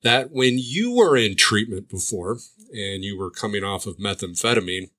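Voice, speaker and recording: Man, lowish bright voice, sarcastic commentator firing rhetorical questions. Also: expressive, normal speed. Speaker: addiction treatment provider. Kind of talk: commentary monologue.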